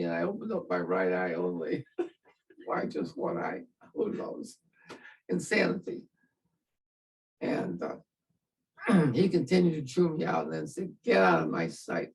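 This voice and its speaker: A man's voice: fairly high pitch, lively intonation, normal speed, gravelly, pauses often, recorded from a distance, low-quality recording. An older man, a veteran, telling his story in an interview in a wry, self-mocking way and laughing at himself.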